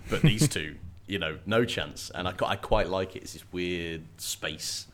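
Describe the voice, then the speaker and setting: A man's voice: low voice, normal speed, a bit bright. A man co-hosting a podcast, chatting casually in a playful, teasing way. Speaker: podcast co-host. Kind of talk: casual chat.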